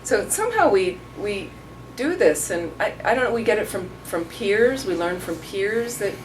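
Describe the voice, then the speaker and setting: A woman's voice: mid-range voice, sing-song, normal speed. Storytelling woman teacher, distant and noisy. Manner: rambling, storytelling, acts out quotes. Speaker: Buddhist teacher answering questions. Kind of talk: casual dharma talk. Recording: distant mic, noisy room.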